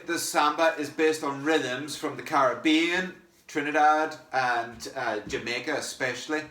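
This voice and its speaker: A man leads a drumming class, speaking slowly and patiently as he explains each rhythm. He sounds far from the mic in a roomy, echoing space with clear noise behind him. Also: medium pitch, pushed and bright. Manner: encouraging, explains step by step, chants rhythm words slowly. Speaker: percussion teacher. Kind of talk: music lesson.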